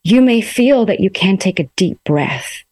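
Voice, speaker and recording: A woman coaching listeners through emotions in a gentle, coaxing self-help talk, speaking her self-talk aloud from a room in her home. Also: mid-range voice, lively intonation, a little slow, no echo.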